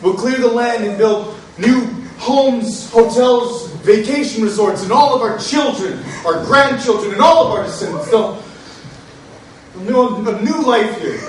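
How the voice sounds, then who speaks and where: A man acting in a stage play, boastful and booming. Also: measured pace. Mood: triumphant. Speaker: stage actor. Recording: echoey hall from far off, faint noise.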